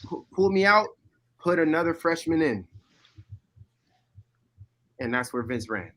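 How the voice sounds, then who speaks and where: A man telling a football story in a casual podcast chat, animated and loud at times. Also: a little high, a little slow. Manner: animated storyteller, shouting replays. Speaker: former player guest.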